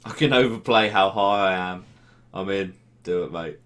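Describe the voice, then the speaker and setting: A man's voice: low-pitched, normal speed, fairly bright tone. A young man from Norwich with a Norwich accent, chatting casually on a live stream, reading out comments with laddish, sweary banter. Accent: English, Norwich. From Norwich, England.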